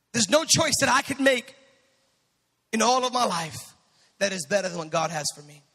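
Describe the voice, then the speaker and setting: A male pastor delivers an impassioned sermon in a very high, gravelly voice, building to shouts and tossing quips to his congregation. His bright tone rings out through a long-reverberating church hall. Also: expressive, a little slow. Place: church sanctuary.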